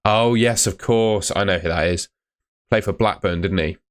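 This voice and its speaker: A man's voice: on the low side, normal speed. A young man hosting a live fantasy football stream, chatting casually and answering comments. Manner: casual, chatty, uses mate and fillers.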